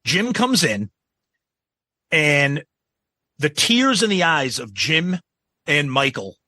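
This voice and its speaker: Brief: male co-host, bright edgy tone, eager, dry close mic. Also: on the high side, sing-song, takes it slowly, dry recording. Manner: enthusiastic, frequent agreeing "yep". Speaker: podcast co-host. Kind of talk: casual chat.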